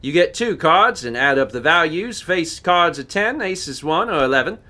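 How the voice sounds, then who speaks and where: A man voicing a cheerful, gossipy British gentleman in a plummy put-on British accent. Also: on the high side, big pitch swings, normal speed, pitched above the performer's own voice. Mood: brisk. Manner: jolly, plummy, chatty.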